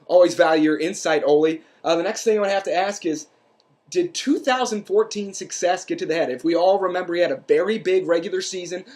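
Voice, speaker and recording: A young man hosting a comedic sports recap, deadpan and mock-serious, self-deprecating, with lots of ums and uhs. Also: high voice, a little fast. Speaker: host.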